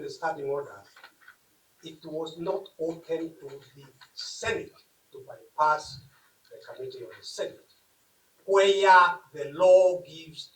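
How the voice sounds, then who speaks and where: Deliberate advocate in an echoey courtroom. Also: male voice, a little high. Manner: deliberate, emphatic, measured phrasing. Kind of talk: formal legal submission. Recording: echoey room, mic at a distance.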